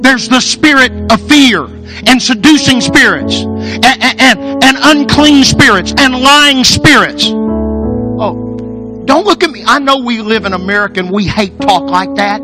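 High-voiced man preaching with fervor. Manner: impassioned, rhythmic repetition of words and lists. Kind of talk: sermon. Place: church sanctuary. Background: soft guitar music.

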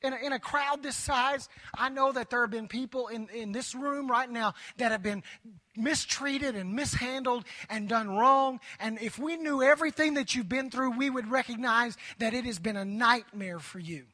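Before a large crowd in a church sanctuary, a pastor preaches in a very high, bright, forceful voice at normal speed, urging the congregation to respond. His voice is tiring and nearly hoarse from the effort.

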